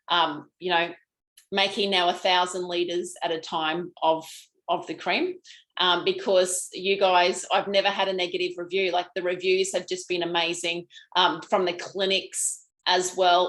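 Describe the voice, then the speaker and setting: A woman's voice: lowish voice, a bit bright, low-quality recording. Bubbly, frank Australian woman; live-stream host chatting with viewers. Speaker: host, lymphatic health practitioner. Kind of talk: live-stream chat answering viewer comments.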